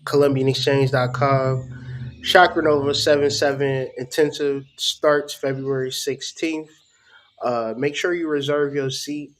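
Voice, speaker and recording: Slow-talking animated spiritual host, a man. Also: mid-range voice, slight background noise. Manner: animated, slangy, swears freely. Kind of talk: casual ranting monologue.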